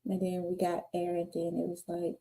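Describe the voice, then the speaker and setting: A woman's voice: on the low side, fairly quick. A woman, guest on an interview podcast, telling her life story candidly and acting out the people in it. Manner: animated, acts out voices in her stories.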